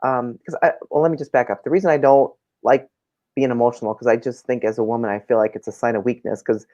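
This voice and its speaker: A woman's voice: extremely low pitch, steady tone, fast, mellow, lo-fi sound. A woman hosting a conversation, speaking earnestly and restarting her sentences when she is moved. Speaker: host. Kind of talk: casual conversation.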